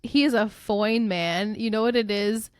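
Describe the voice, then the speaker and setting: A woman's voice: medium pitch, a little slow, clean tone, no room sound, clean studio sound. A woman co-hosting a casual recap podcast, playful and laughing often as she draws out words for emphasis. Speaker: podcast co-host.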